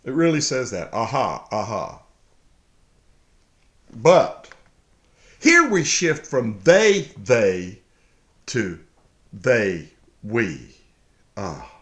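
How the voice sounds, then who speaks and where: A man slowly reading and explaining a Bible psalm, halting often, then bursting into excited shouts. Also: fairly low pitch. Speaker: Bible teacher. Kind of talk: casual verse-by-verse Bible reading and commentary. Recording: echoey room.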